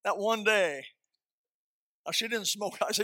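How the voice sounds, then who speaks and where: A man preaching a sermon with fervent, folksy storytelling and repeated phrases, often climbing into high, loud outbursts. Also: measured pace, long pauses, dry recording, studio quality.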